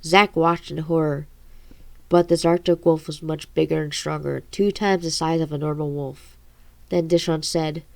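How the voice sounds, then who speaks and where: A woman reads her own novel aloud, stumbling and correcting herself as she goes. Her voice is low and gravelly. The recording is dry and close, with no room echo. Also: steady tone. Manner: halting, with stumbles and self-corrections.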